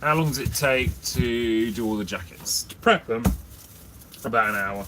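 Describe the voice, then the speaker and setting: Working inside his food van, a man selling jacket potatoes chats casually on a livestream and answers viewer comments. His voice is medium-pitched with a moderate pace, and there's background noise.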